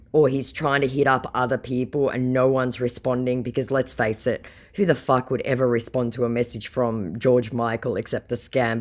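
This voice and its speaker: Sarcastic woman with a very deep voice. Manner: sarcastic, mocking; swears casually. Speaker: scambaiter. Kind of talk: casual commentary.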